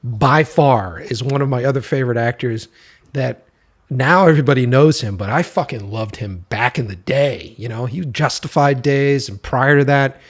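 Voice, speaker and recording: Husky man hosting a chatty interview. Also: medium pitch, normal speed. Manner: laughing, swearing storyteller. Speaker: podcast host. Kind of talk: casual interview chat.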